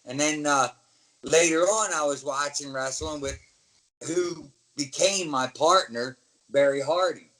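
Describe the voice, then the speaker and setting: A man's voice: on the high side, measured pace, rough recording. A middle-aged American man, a former pro wrestler, telling stories in a casual interview and acting out the voices of the people in them. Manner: animated storyteller, acts out quoted voices.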